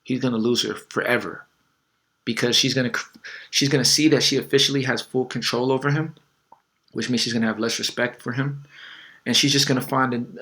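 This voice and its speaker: Speaking in a mid-range voice that sounds pushed and bright, a man gives casual dating advice. His conversational delivery is packed with fillers and small acted-out quotes.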